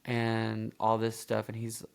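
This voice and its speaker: A man's voice: lowish voice, completely flat delivery, slow pace, vocal fry, clear, resonant tone. A man hosting a reaction video, rambling casually with lots of fillers and self-corrections.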